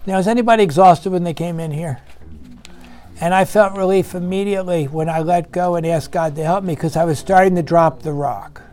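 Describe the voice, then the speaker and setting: A man's voice: sits high, fairly quick, a little mellow. A man leading a recovery meeting, talking earnestly and conversationally, asking the room questions and acting out voices in his story.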